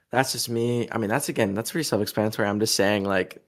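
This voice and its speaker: Young guy, low, vocal fry, loose and sweary interview talk. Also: quick pace, few pauses. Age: young adult. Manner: laid-back, profane, laughs often. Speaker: musician being interviewed. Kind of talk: casual interview.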